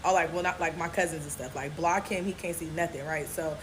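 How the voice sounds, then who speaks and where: A young woman telling a storytime story in a casual, profane, animated way. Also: sits low, brisk, background noise.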